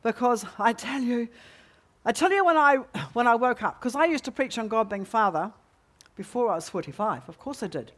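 A middle-aged woman preaching in a church meeting, telling a personal story with lively rhetorical questions to the congregation. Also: on the high side, moderate pace. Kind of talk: sermon testimony.

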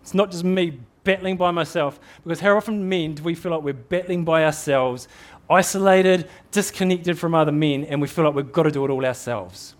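Earnest middle-aged New Zealand preacher, slightly high male voice, exhorting sermon delivery. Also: brisk, hardly any pauses. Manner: earnest, exhorting, repeats words as he builds.

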